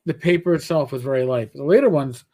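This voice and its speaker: A man's voice: mid-range voice, quick pace, darkish tone. A man with a New York accent co-hosting a podcast, chatting casually and telling stories animatedly, with frequent restarts. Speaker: podcast co-host. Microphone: computer microphone on a live stream.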